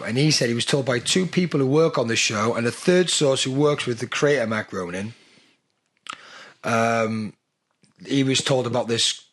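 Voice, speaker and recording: A man co-hosting a casual podcast chat, croaky, blunt and sweary, stumbling over repeated words as he gets going. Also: mid-range voice, fairly bright tone. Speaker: podcast co-host.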